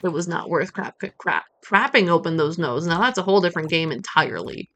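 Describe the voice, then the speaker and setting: A woman's voice: fairly low pitch, animated, brisk, a bit bright. A woman streaming a farming game, chatting playfully and muttering to herself as she plays. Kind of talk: casual gameplay commentary.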